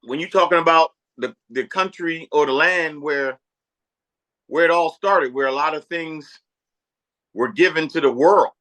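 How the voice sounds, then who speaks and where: A man with a somewhat high voice gives his thoughts on the panel in a calm, measured way. He builds his points slowly. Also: rough recording. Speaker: panel guest. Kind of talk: casual online panel chat.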